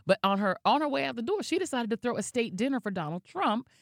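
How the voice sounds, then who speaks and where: A woman co-hosting a casual chat podcast, telling stories in an animated, gossipy way. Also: fairly high pitch, fast talker, gravelly, no echo, studio quality. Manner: animated storytelling, gossipy asides. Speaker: podcast co-host.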